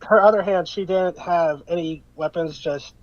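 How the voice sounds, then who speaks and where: A man's voice: high voice, moderate pace, no echo, highs cut off. A man running a tabletop game as game master, narrating in a rambling, hesitant way full of fillers.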